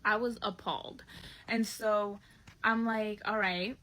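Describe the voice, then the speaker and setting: A woman telling a bad first date story in a blunt, profane, animated way. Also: medium pitch, takes it slowly, poor audio.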